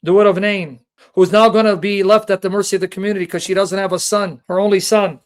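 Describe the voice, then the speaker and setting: A man's voice: high-pitched, fairly even intonation, fast. A man giving an emotional personal reflection, pleading through rhetorical questions, sounding near tears. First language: Assyrian. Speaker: Christian apologist.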